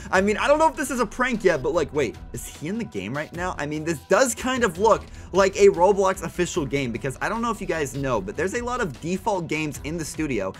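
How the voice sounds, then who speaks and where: Young male gaming YouTuber, high and very animated, hyped play-by-play over soft background music. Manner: hyped, breathless, repeats himself. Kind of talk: excited gameplay commentary.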